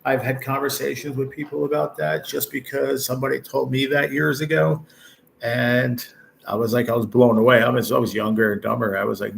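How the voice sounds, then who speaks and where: A man nearing fifty talks to his livestream chat from a hospital room, rambling and blunt and cursing often. His voice is gravelly, sits at an ordinary pitch, and has a faint hum of room noise underneath it. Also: fairly even intonation, fairly quick, a bit bright, low-quality recording. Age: 40s. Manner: blunt, heavy swearing, rambling. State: ill with stage four cancer. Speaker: livestream host.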